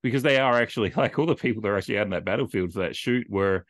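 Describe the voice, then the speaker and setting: A man co-hosting a casual film podcast, rambling and animated, full of filler words as he retells scenes. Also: on the low side, rapid-fire, no room sound. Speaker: podcast co-host.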